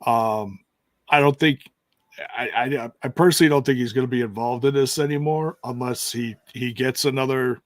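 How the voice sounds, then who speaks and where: A man's voice: mid-range voice, moderate pace, no room sound. A man co-hosting a podcast, chatting casually and jokingly about wrestling. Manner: chatty, jokey, laughs often. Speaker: podcast co-host. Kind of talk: casual wrestling recap chat.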